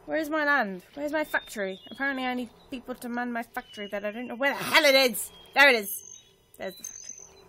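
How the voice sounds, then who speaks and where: A woman chatting through a video game, self-mocking, with sudden excited cries. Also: a little high, fast, a little hiss or hum. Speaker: let's play gamer. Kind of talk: casual gameplay commentary.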